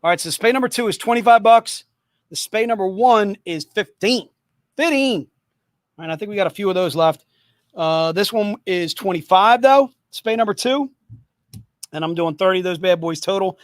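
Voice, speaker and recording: A man's voice: sits high, moderate pace, no echo. A man hosting a livestream sale of comic books, repeating prices and codes in an upbeat, joking manner. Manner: upbeat, repetitive hawking, joking asides. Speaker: host selling comic books. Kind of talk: livestream sales pitch.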